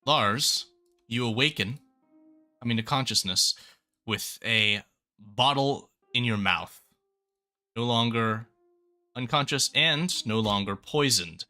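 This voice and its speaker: A man narrating a tabletop game as its game master in a lively way. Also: medium pitch, slow pace, pauses often, soft background music.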